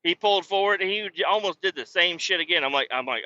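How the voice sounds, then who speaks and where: A man's voice: high-pitched, lively intonation, quick pace, hardly any pauses, bright, forceful tone. A man hosting a podcast, telling a work story in casual, exasperated, profane rants. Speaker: podcast host. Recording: dull lo-fi podcast audio.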